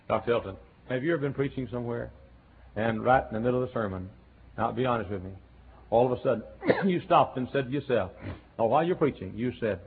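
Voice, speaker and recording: A man preaching a folksy revival sermon that swings between quiet, chatty asides and loud shouting. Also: mid-range voice, fast talker, slight background noise. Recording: tinny lo-fi sermon tape.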